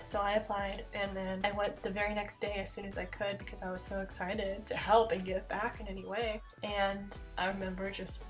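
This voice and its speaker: A woman's voice: medium pitch, normal speed, hardly any pauses, faint music behind. A young woman vlogger telling a story in a casual Q&A, chatty and filling her talk with "like". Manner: chatty, fillers of "like", animated retelling.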